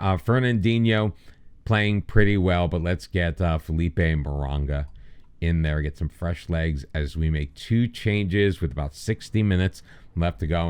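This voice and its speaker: An American gaming YouTuber with a low, smooth voice casually comments over a football management game. He mixes play-by-play calls with jokey, self-deprecating asides.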